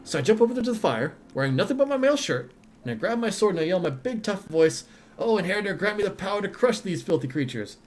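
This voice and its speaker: A man's voice: sits high, big pitch swings, fast, soft background music, voice pushed up. A man voicing a boastful, cheeky young female paladin telling a camp story.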